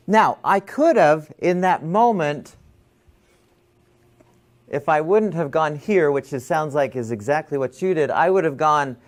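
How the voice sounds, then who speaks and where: A man's voice: on the high side, expressive, takes it slowly. A man teaching a class on stress, talking casually and telling a story with many restarts and fillers. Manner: rambling, self-interrupting storyteller. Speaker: stress management instructor.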